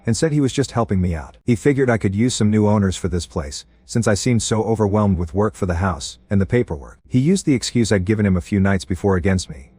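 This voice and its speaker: Male narrator, low and husky, dry close read, steady first-person storytelling. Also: fast, few pauses, dry recording. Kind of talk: scripted narration of a reddit story.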